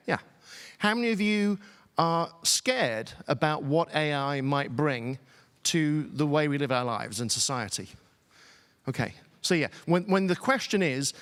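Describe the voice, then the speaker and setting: With a slightly high, fairly bright and clean voice, a middle-aged keynote speaker from England gives a chatty talk that pokes fun at himself. He has a British accent and addresses a conference crowd in a large hall, recorded from afar with reverb.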